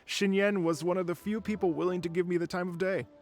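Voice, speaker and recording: A man's voice: sits high, steady tone, quick pace, a little mellow, faint music behind. An actor playing an apologetic, hesitant male tour organizer in a video game.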